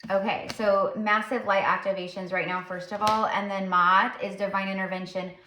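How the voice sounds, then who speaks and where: A woman's voice: medium pitch, flat delivery, normal speed, pushed and bright, a little hiss or hum. A woman psychic tarot reader talking casually while channeling, rambling and full of fillers. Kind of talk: casual spiritual channeling talk. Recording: roomy echo.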